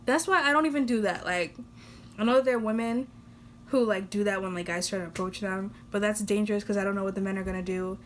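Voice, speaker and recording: A woman's voice: medium pitch, quick pace, slight background noise. A young woman talking to camera in a casual vlog, blunt and exasperated, joking and laughing between points. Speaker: vlogger.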